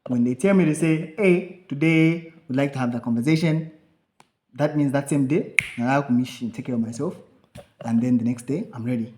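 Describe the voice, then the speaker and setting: Recorded in an echoey room, a young man co-hosting a podcast tells a story through casual chat. His mid-range voice moves at a moderate pace, and he's animated as he acts out lines from himself and others.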